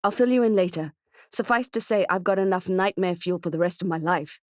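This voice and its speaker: Kate is a worn-out mother in danger, speaking quietly and in halting bursts, low and strained as a woman reader voices her. The audiobook sound is dry and close. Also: fairly even intonation, no room sound, lightly acted. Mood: shaken.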